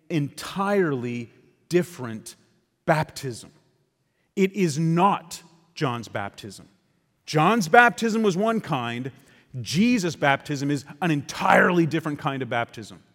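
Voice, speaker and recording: Man, sermon, emphatic, conversational asides, echoing church hall. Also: a little high. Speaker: preacher. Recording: long reverb of a large hall.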